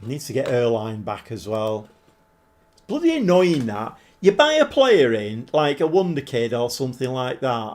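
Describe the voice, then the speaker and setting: A man's voice: medium pitch, darkish tone. A man casually commentating while live-streaming a football management game and chatting with viewers, swearing mildly along the way. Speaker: game livestreamer.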